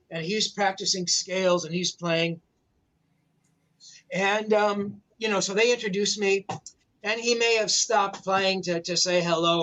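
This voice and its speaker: His pitch sits high and a bit bright as this rock journalist, in his sixties, tells a meandering, casual story over a video call, full of "you know, man" fillers.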